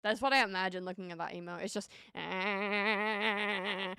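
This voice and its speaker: A woman's voice: on the low side, very fast, creaky, bright, forceful tone, smooth, no room sound, studio quality. Chatty Northern English woman streamer. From Northern England. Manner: chatty, laughs often, stammering restarts. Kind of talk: casual chat with viewers.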